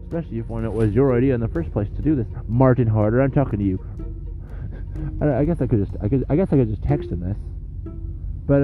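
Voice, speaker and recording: A podcast host with a cold sniffles his way through a rambling, crude comedic monologue full of cursing and sarcastic trash talk. His voice is fairly high and creaky, and the recording is muffled.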